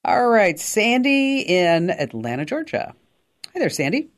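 An upbeat woman hosts a call-in tech radio show. She moves from chatty tips into a breezy sponsor read, talking quickly and lightly. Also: medium pitch, very animated.

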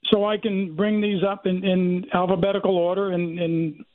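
A man's voice: sits high, flat delivery, moderate pace. Hesitant man calling in on a phone line. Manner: hesitant, with many fillers. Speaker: radio show caller. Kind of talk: phone call to a radio show.

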